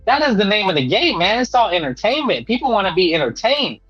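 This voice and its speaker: A man with a high voice holding forth as a boxing talk host, emphatic and preachy, and he keeps tossing in "man." The audio is dull and lo-fi, with faint music running underneath. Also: sing-song, quick pace, a bit bright, husky. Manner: emphatic and preachy, repeats himself, peppers lines with "man". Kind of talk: casual boxing commentary monologue.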